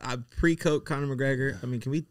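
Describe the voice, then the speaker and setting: A man's voice: medium pitch, fairly even intonation, no echo, clean studio sound. A man co-hosting a podcast, chatting casually and loosely, often restarting his sentences. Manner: laid-back, chatty, with halting restarts. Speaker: podcast co-host.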